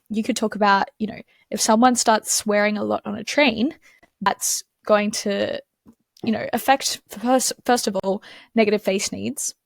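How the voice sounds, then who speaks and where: A woman's voice: medium pitch, vocal fry, no echo. A young Australian woman tutoring in a casual screen-share lesson, chatty, with many fillers and restarts.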